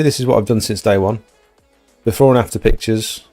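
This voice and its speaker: A British man with a low, gravelly voice hosts a live stream, chatting briskly and casually. He answers viewers' questions in a relaxed, rambling way while faint music plays underneath.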